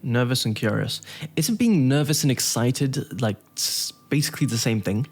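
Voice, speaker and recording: A man's voice: mid-range voice, normal speed. A man giving casual commentary on his own gameplay, thinking aloud and chuckling to himself. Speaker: gaming YouTuber.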